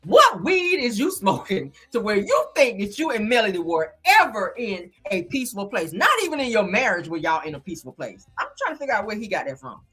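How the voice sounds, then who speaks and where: A woman's voice: medium pitch, sing-song, fairly quick, hardly any pauses, fairly bright tone, slightly rough, soft background music. A woman hosting a casual live-stream recap, talking straight to her viewers in a blunt, profane and sassy way. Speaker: reality show reviewer on a live stream.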